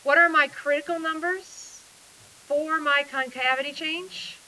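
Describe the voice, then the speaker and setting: A woman's voice: sits high, steady tone, a little slow, sharp tone, a little hiss or hum, low-quality recording. A woman teaching a math class in a casual, chatty way, often asking questions and then answering them herself.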